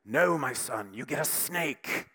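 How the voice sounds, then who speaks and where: A man's voice: mid-range voice, lively intonation, takes it slowly, bright, forceful tone, husky, heavily acted. A man putting on a mock British accent to play a stiff father who refuses his son. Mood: mock stern. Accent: put-on British.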